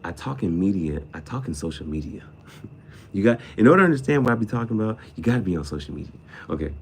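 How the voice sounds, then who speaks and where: A man rambles to camera in a casual vlog, full of slang and swearing and quick laughs. His low voice is gravelly and swings widely in pitch, sometimes jumping high for outbursts. A faint room hum sits behind him. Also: very animated. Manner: slangy and swearing, jumps between topics, laughs often; voice shoots up high for sudden outbursts. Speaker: vlogger.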